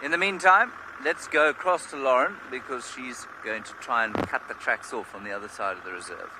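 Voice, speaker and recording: A man, a safari guide, calmly organising the search and explaining the plan during live game drive commentary. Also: medium pitch, fairly quick, noisy background. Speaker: safari guide coordinating by radio. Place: outdoors in a game vehicle.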